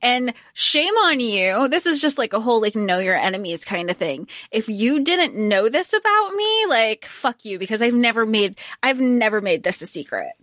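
A woman with a fairly high voice talks about books on a casual podcast. She gives her opinions with strong emphasis and laughs easily. The recording is dry and close. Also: very animated, normal speed, few pauses, a bit bright, dry recording. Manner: emphatic, chatty, laughs often. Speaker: podcast co-host. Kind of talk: casual book discussion.

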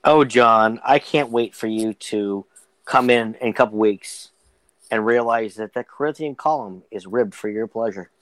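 A man's voice: on the low side, moderate pace, fairly bright tone, dry recording, low-quality recording. Rambling, joking man on a dry mic. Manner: rambling, joking, frequent restarts. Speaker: podcast co-host. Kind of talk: casual banter among friends.

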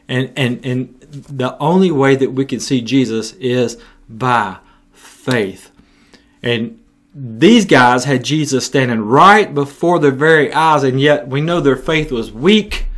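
Man preaching casually, slightly high voice. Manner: informal, retells scripture in everyday speech, restarts phrases. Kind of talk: conversational sermon.

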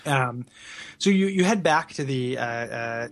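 A man's voice: medium pitch, expressive, measured pace. A man co-hosting a podcast in casual chat, talking in a chatty, enthusiastic way and laughing often. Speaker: podcast co-host.

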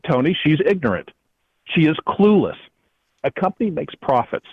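A male economist on a radio call, his voice husky and a bit high. He talks in an emphatic, indignant way, pressing his points hard. The sound comes through a muffled lo-fi line with a dry, close feel. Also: sing-song, normal speed, no echo. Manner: emphatic, indignant, repeats the host's name. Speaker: economist guest. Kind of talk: radio interview. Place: airport, calling in while traveling.

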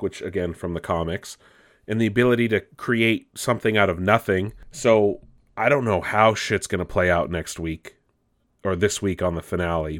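A man with a low, deep voice hosting a casual entertainment news roundup. He talks loosely and chattily, drops the odd swear word and laughs at himself.

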